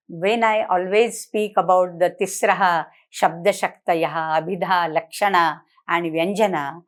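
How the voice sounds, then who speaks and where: A woman professor with an Indian English accent gives an academic lecture, reciting Sanskrit verse and explaining it with rhetorical questions. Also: medium pitch. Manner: explanatory, asks rhetorical questions, switches into Hindi and Marathi.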